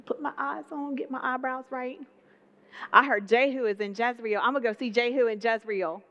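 Brief: vain scheming queen, sassy and dismissive, bright high voice, played by a woman, lo-fi. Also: normal speed, no echo. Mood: breezy. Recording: dull lo-fi recording.

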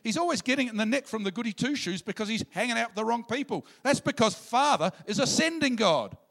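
A man preaching a sermon in an animated way, sometimes bursting into loud shouts. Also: extremely high pitch, quick pace, gravelly.

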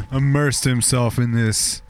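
A man in casual chat, adding slow, laid-back remarks. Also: medium pitch, a little hiss or hum.

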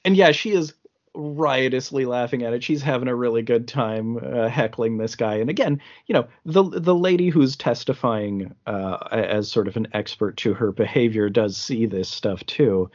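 A man co-hosting a casual film podcast, swearing freely and acting out scenes in quick voices. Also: mid-range voice, a little mellow, dull audio. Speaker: podcast co-host.

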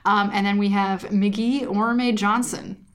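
A woman's voice: medium pitch, a little slow. Woman in her twenties, podcast co-host, laughs through casual storytelling. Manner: giggly, animated storytelling with frequent laughs. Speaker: podcast co-host reading listener stories. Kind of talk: casual chat.

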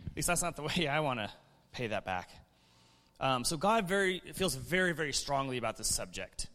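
A man preaching a sermon in a relaxed, conversational way, chuckling and restarting his sentences as he reads and explains scripture in church. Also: mid-range voice, fairly quick, long reverb tail.

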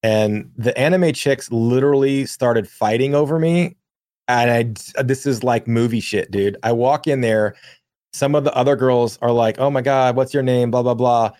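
A young man co-hosting a podcast, telling a long profane anecdote in a rambling, animated way. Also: medium pitch, moderate pace, no room sound, studio quality. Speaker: podcast co-host. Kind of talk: casual storytelling.

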